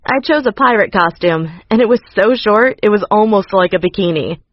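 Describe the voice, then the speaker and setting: A woman's voice: medium pitch, lively intonation, brisk, no echo. Sassy woman narrating, dry lo-fi sound. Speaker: storytime narrator. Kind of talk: scripted first-person narration.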